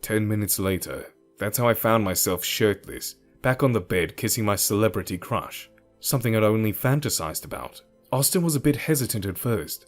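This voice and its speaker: Lively male storyteller over soft music. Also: on the low side, moderate pace. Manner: expressive, storytelling. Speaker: narrator. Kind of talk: scripted first-person story narration. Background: faint music.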